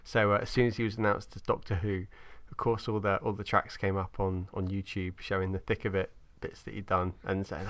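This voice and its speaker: A man co-hosting a casual podcast, chatty and quick to laugh. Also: deep voice, level tone. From Britain. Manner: chatty, laughing, slips into joke accents. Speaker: podcast co-host. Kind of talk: casual chat.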